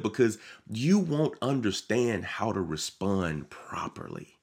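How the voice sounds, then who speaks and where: A man delivering a sermon on his podcast, preaching with animated swings and acting out quoted voices. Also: medium pitch, unhurried, gravelly, breathy edge.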